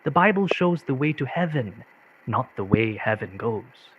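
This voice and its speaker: A man reading quotations aloud in a measured, expressive way, at a video-call event. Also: mid-range voice, breathy edge. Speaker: reader of quotations. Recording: dull muffled video-call audio.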